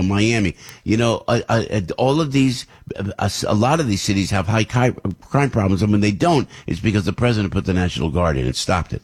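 A male radio host in the studio, talking into the mic in a husky, slightly rough voice. He rambles through his opinions with restarts and asides. His pitch jumps up sharply whenever he gets indignant. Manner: rambling and heated, voice leaps up when outraged. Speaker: radio talk show host. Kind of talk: opinionated morning radio talk.

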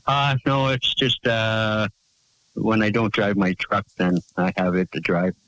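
A low-voiced male caller who talks haltingly and fills his answers with hesitations, keeping a deadpan tone. His voice is dry and close, with no room sound. He sounds easygoing and unhurried. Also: no echo, poor audio. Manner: hesitant, many fillers, deadpan short answers. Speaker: regular caller. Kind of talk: casual call-in chat.

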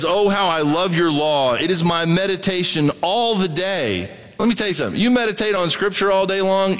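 Male pastor, chatty preaching, slightly high voice, swings from soft to fired up, big echoing hall. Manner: conversational preaching, swings from quiet asides to excited emphasis. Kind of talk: sermon.

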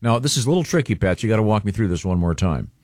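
A man hosting a morning radio show, chatting casually and plugging a cohost's special with halting fillers. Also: lowish voice, expressive, darkish tone, no echo.

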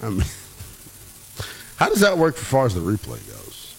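A man's voice: on the low side, huge pitch swings, normal speed, vocal fry, breathy edge. A young man hosting a late-night sports call-in radio show, playful and laughing often as he riffs with callers. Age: young adult. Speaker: sports talk radio host.

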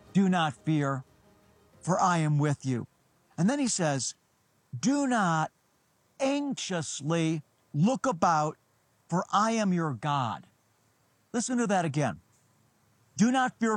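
A man preaching a sermon in an earnest, emphatic way, slowing down and repeating phrases for weight. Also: sits high, dry recording. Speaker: rabbi and TV preacher.

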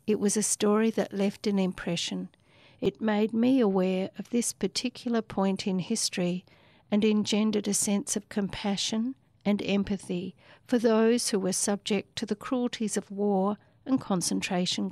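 Woman reading a review, slow and deliberate, mid pitch, dry close sound. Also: steady tone, a little mellow, no echo.

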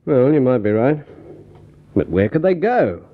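Brisk detective, lively voice, thin phone-like old radio sound. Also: male voice, mid-range voice. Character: practical male detective friend. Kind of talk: vintage radio drama acting.

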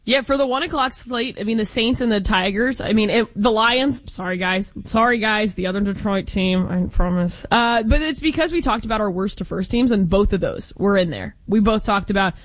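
A woman from Austin, Texas, co-hosting a sports talk show in a quick, playful, chatty way. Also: mid-range voice, low-quality recording. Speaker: sports radio co-host.

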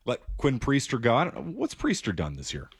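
A man hosting call-in sports radio, opinionated and brisk as he takes calls. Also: medium pitch, wildly swooping pitch, breathy edge, dry recording, clean studio sound.

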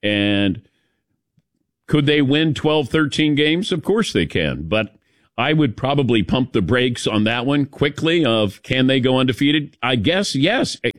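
A man in his sixties hosting a sports talk show, telling stories in a chatty, animated way with chuckling asides. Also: medium pitch, unhurried, no echo, studio quality. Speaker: sports radio host.

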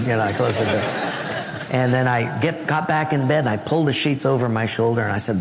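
A man preaching a sermon as an animated storyteller who swings his pitch and laughs his way through the telling. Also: brisk, vocal fry, big-room sound, a little hiss or hum. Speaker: pastor.

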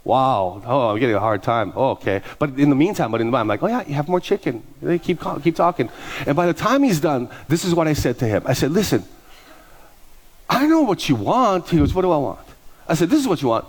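Male pastor, lively storyteller, slightly higher voice, plays every part in his anecdotes. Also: fast talker. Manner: animated, acts out both sides of conversations. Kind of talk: storytelling sermon.

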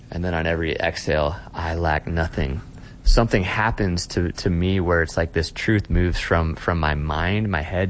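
Deep-voiced earnest male pastor. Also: a little hiss or hum. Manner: earnest, repeats words when starting sentences. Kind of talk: conversational interview.

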